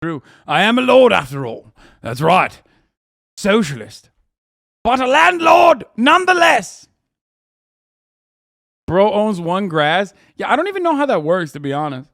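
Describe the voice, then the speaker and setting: A man's voice: sits high, sing-song, moderate pace, dry recording, clean studio sound. A male streamer reacting to chat, ranting heatedly with plenty of profanity and sarcastic jokes. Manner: jokey, trailing off into mumbles.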